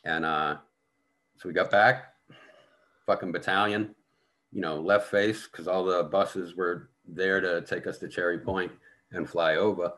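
A man's voice: low voice, steady tone, a little slow, a bit bright. A middle-aged American man telling blunt, profanity-laden stories as a podcast guest. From United States. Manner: heavy swearing, blunt, vivid storytelling. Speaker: podcast guest, veteran actor. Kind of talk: casual storytelling conversation.

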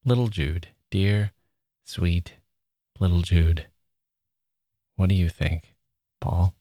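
A man hosting a podcast, reading listener mail in a chatty, playful way, often laughing and getting excited. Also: low voice, slow pace, dry recording, studio quality. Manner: emotional, excitable. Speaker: podcast host. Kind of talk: reading listener mail aloud, casual monologue.

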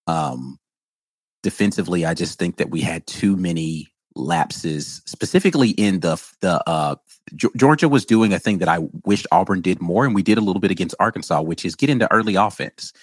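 A man's voice: low-pitched, animated, fairly quick, husky, no room sound. A man co-hosting a casual sports podcast, opinionated and often stumbling over his words. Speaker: podcast co-host.

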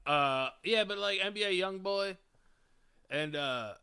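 A man's voice: sits high, a little slow, clean tone. A young man co-hosting a podcast, chatting casually and joking, often acting out little scenes. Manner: animated, jokey, acts out bits with put-on voices. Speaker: podcast co-host. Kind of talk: casual comedic chat.

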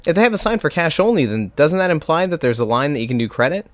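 A man's voice: a little high, sing-song, dry recording. A man, co-hosting a sports podcast, chatting casually with frequent restarts. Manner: stammering restarts, quick and chatty. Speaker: podcast co-host, sports media. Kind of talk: casual chat.

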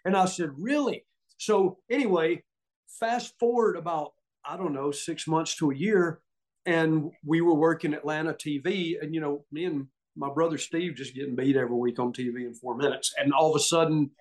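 A man's voice: on the high side, normal speed. A middle-aged man with a Southern US accent, telling stories casually and acting out the quotes. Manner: animated, acts out quotes, laughs often. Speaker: podcast guest, former wrestler. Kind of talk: casual storytelling.

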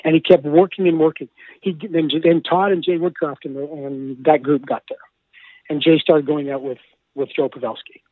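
A man recounts stories from the broadcast booth with excitable energy, laughing and repeating words as he goes. His voice sits on the higher side. The sound is thin and phone-like, with no room around it. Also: moderate pace, dry recording. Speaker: hockey broadcaster. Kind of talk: animated storytelling. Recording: tinny phone-like line, dry.

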